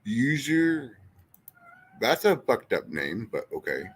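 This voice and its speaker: A man rambles through a casual livestream chat, swearing freely and addressing his viewers directly. His pitch jumps around a lot, and he takes his time. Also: takes it slowly, slightly rough. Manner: rambling, profane and animated, talking to chat.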